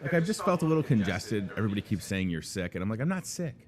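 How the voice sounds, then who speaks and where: Low-voiced joking male host. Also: big pitch swings, rapid-fire, a crowd in the background. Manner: jokey, rambling, self-deprecating. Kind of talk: casual chat. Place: grocery store café.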